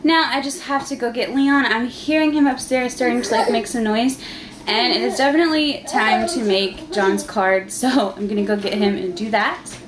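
A woman's voice: a little high, normal speed, slight background noise. A young American woman vlogging at home in her kitchen, chatting casually and using doting baby-talk with her toddler. She is pregnant and sounds close to tears in places. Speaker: family vlogger.

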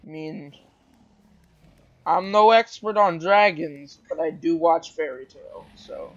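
A young man casually chatting while playing a game, loud, excitable and trash-talking, heard over a muffled voice chat. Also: fairly high pitch, slow pace. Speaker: gamer.

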